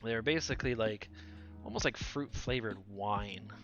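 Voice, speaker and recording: A talkative man in his forties chatting his way through a live stream, laughing often and never pausing for long. His voice is bright and forceful and sounds younger than he is, with the odd crack. The audio is a little dull, with faint music behind him. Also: fairly low pitch. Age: 40s. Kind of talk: casual live-stream chat.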